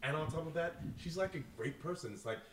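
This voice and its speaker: A man's voice: on the high side, animated, fast, noisy background. A man co-hosting a podcast in casual chat, rambling and filling his sentences with "like". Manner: rambling, heavy use of "like". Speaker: podcast co-host.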